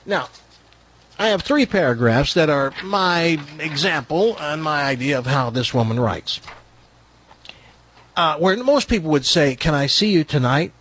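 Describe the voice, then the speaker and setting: A man's voice: a little high, big pitch swings, a little slow, long pauses, fairly bright tone, slight background noise. A middle-aged man hosting a talk radio show, reading aloud in a mocking, theatrical way with sarcastic asides.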